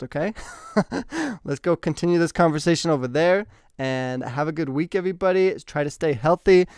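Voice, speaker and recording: A man hosting a casual livestream chat, lively and talkative, reading and answering viewers' comments. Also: a little high, smooth, no room sound, clean studio sound. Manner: chatty, animated, reads out and answers comments. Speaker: streamer host.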